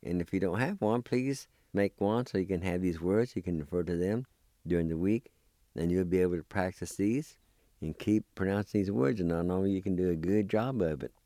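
A man giving a slow language lesson, spelling and pronouncing each word and repeating it patiently. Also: low voice, dark tone, no room sound, clean studio sound. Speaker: language teacher.

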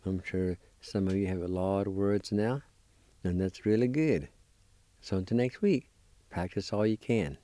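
A radio language lesson led by a man. He speaks in a low, warm, unhurried voice, spelling each word letter by letter. The sound is close and dry, and he cheers his listeners on. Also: no echo. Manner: slow, careful spelling and pronouncing of words; encouraging toward listeners. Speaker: language teacher and show host.

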